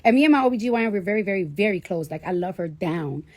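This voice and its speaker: A woman's voice: mid-range voice, animated, fast talker, a little mellow, no echo. A woman casually telling a personal story to a live audience, candid and full of swearing. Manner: candid, profanity-laden, chatty. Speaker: livestreamer.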